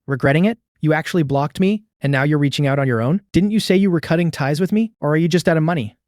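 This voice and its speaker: A man's voice: fairly high pitch, fast, darkish tone, no echo, clean studio sound, lightly acted. A man voicing a cold, scornful young woman, an older sister who talks with contempt. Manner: sneering, contemptuous.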